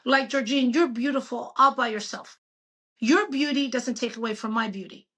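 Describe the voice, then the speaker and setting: A woman in her fifties, a doctor chatting as a guest in an interview, telling stories in an animated, emphatic way. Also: on the high side, moderate pace. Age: 50s. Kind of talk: casual interview chat.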